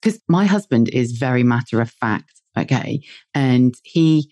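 A woman's voice: extremely low pitch, lively intonation, a little slow, dark tone, no echo. A British woman in casual conversation, chatty, laughing easily and swearing freely. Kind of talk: casual chat.

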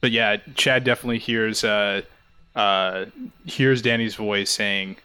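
A man's voice: lowish voice, steady tone, unhurried, pushed and bright, smooth, no echo, faint music behind. A man playing a tabletop game, describing his character's actions hesitantly, with plenty of fillers. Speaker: player.

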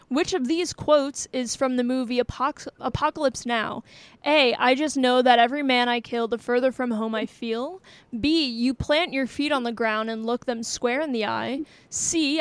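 A woman's voice: sits high, no room sound. A woman hosting a trivia quiz, reading out questions and answer choices with playful banter and frequent laughter. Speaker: trivia game host.

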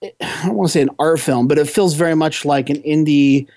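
A man's voice: fairly high pitch, a little fast, darkish tone, dry recording. A man co-hosting a podcast, giving a casual, enthusiastic film review that rambles and restarts often.

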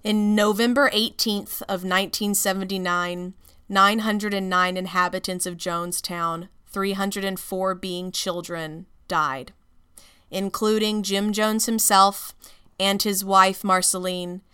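Woman host, bright and very clear voice, measured casual narration. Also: mid-range voice, fairly even intonation. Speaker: podcast host.

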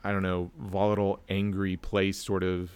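A man's voice: low voice, monotone, moderate pace, darkish tone, clean tone, no echo. A man co-hosting a casual film review chat, telling stories and acting out family dialogue. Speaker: podcast co-host.

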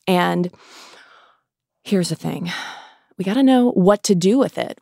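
A woman delivers a podcast pep talk in a low, unhurried voice, with long pauses between phrases. She is impassioned and sarcastic, and she swears freely. The sound is dry and close. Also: a little mellow, no echo. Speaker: podcast host.

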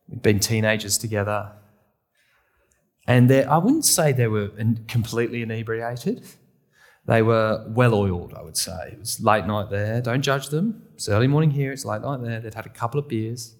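A man's voice: medium pitch, moderate pace. A man from England, a pastor, preaching a sermon with candid, self-deprecating storytelling.

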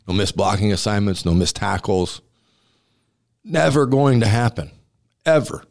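The voice is very low, deep and gravelly, moving at a measured pace, as this restaurant owner and ex-college center recounts stories in a relaxed interview. Blunt and emphatic, he acts out conversations and laughs along.

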